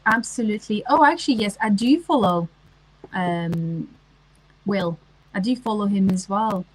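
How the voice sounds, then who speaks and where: A woman's voice: mid-range voice, low-quality recording. A woman, chatting casually on a livestream and answering comments, with lots of ums and restarts. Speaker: livestream host.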